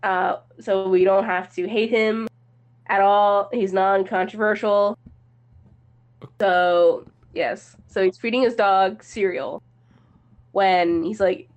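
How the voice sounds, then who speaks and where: A woman who is sick, retelling a movie's plot in a rambling, halting casual chat with slang. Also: medium pitch, steady tone, lo-fi sound. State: sick, coughing.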